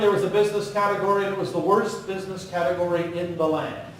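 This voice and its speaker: A man giving a live motivational business talk in a large room, animated and coaxing the audience to call out answers. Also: sits high, fast, slight background noise. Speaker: keynote speaker. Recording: very echoey hall, far from the mic.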